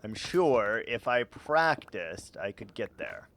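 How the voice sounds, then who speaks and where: A man's voice: lowish voice, very animated, slow, creaky, a bit bright. A young man streaming a game, chatting casually to his chat in a rambling, joking, self-mocking way with frequent chuckles.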